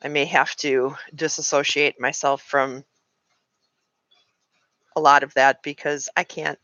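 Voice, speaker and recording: A woman's voice: deep voice, flat delivery, unhurried, fairly bright tone, no room sound, dull audio. A woman in her late forties chatting frankly to her live-stream viewers, venting and answering comments. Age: 40s. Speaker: livestream host. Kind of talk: casual live-stream chat.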